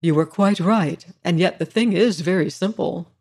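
A reflective gentleman in an old storybook reading, cool and unhurried in manner. A narrator gives him the plain reading voice. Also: mid-range voice, breathy edge. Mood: detached. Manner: detached and thoughtful.

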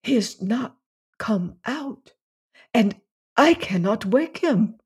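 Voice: medium pitch, unhurried, dark tone, natural voice. A narrator voicing a frightened, timid little foreign woman who speaks with a lisp and falters as she talks. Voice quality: lisping.

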